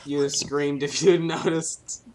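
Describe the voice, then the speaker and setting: Guy showing off his game mod to a buddy, teasing and laughing, voice a bit on the high side. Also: level tone, takes it slowly, darkish tone. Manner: joking, teasing, laughs often. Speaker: mod developer playtesting his own mod. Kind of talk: casual gameplay banter.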